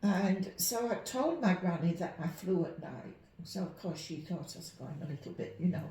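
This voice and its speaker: A woman with a softened Yorkshire English accent tells her stories with animation and slips into the voices of the people in them. Her tone is mellow and dark. The echo of the room carries around her. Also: lowish voice, lively intonation, normal speed. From Leeds, Yorkshire, England. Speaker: clairvoyant and medium, guest. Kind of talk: conversational storytelling. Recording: roomy echo.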